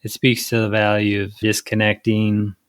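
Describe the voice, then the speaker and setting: A man's voice: on the low side, moderate pace. A man from the hosting a podcast, chatting loosely with a guest and laughing easily, then reading out thanks. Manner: relaxed, laughing, loosely phrased. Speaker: podcast host. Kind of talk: casual interview chat and outro.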